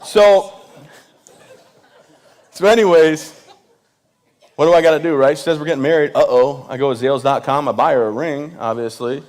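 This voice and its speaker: A man's voice: on the high side, moderate pace, long pauses, darkish tone. A man from Michigan, a veteran, telling a comic story on stage in a joking, self-deprecating way while speaking straight to the audience. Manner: addresses the audience directly. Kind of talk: stand-up comedy storytelling.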